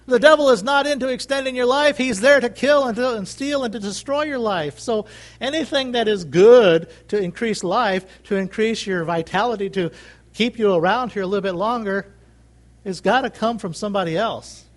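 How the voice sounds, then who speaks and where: A man's voice: high voice, moderate pace. A man preaching a sermon, emphatic and repetitive, calling out for amens from the congregation. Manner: emphatic, repeats phrases, calls for amens.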